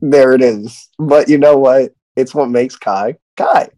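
Man, podcast co-host, teasing, playful, mid-pitched voice, dry sound. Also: a little slow, dark tone, no echo. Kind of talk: casual podcast banter.

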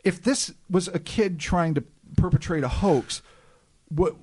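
Podcast co-host, male, slightly high voice, emphatic and speculative. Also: measured pace, a little mellow, breathy edge. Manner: emphatic, speculative, swears casually. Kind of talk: casual chat.

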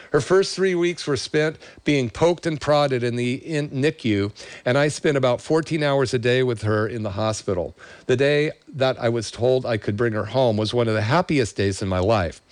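With a mid-range voice and no echo, a middle-aged chiropractor grows emotional and chokes up as he reads aloud a patient's letter of thanks. Afterward he shares the backstory, speaking enthusiastically about his practice.

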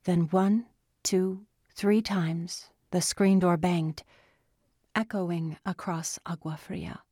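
Slow, measured woman narrator. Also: lowish voice, fairly even intonation, warm tone, breathy edge, no room sound, studio quality. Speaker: audiobook narrator. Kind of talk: scripted narration.

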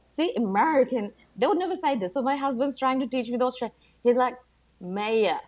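A woman in her thirties from Bangladesh, a podcast guest chatting casually, animated and laughing often. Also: sits high, fast talker. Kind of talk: casual conversation.

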